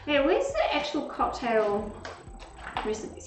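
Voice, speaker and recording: A woman's voice: a little high, animated, slow, far from the mic. A young woman streaming live, chatting casually and rambling as she reads drink recipes aloud to her viewers. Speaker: livestreamer. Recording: roomy echo, off-mic, faint music.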